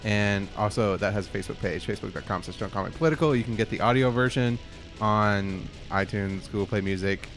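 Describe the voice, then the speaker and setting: A man's voice: on the low side, fairly quick, fairly bright tone, soft background music. A man hosting a casual gaming podcast, telling rambling anecdotes with laughs and swearing. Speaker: podcast host. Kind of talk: casual chat.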